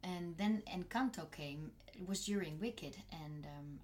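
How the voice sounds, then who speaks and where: A young Dutch-accented woman speaks in a slightly lower register, her voice soft and often sinking almost to a whisper. She chats about her work with many small restarts, while a faint hum sits under her words. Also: unhurried. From Netherlands. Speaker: voice actress and singer. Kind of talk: casual interview chat.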